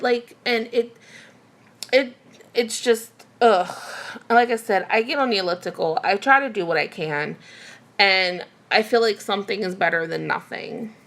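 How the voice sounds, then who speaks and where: Frustrated woman venting with vocal fry. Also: medium pitch, fairly bright tone. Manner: emotional, venting, many fillers and restarts. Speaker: vlogger. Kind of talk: candid personal rant to camera.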